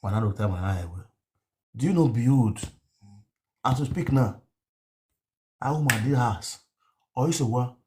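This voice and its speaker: A man's voice: mid-range voice, normal speed, long pauses. A man with a Nigerian accent telling a rambling story on a live stream, mixing pidgin with a local language and repeating words. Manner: mixes pidgin and local language, repetitive, animated. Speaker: online show host.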